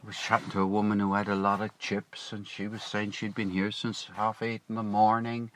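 Chatty man with a lowish voice, rambling. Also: monotone, brisk. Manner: chatty, digressive, self-correcting. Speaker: vlogger. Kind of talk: casual rambling storytelling. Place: parked car.

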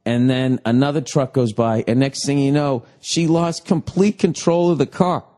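A man's voice: mid-range voice, steady tone, normal speed, dark tone, a little hiss or hum. Profane rambling male podcast host. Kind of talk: crude comedic storytelling.

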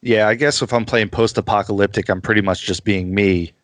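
An easygoing podcast guest with a slightly low voice chats casually and laughs at himself often. He talks fairly quickly with fairly even intonation, and the recording is dry and close with no room sound.

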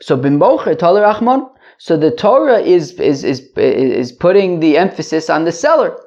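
A man's voice: on the high side, animated, moderate pace, a little mellow, dull audio. A man giving a daily Talmud lesson, explaining step by step and repeating phrases with rhetorical questions. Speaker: Talmud teacher.

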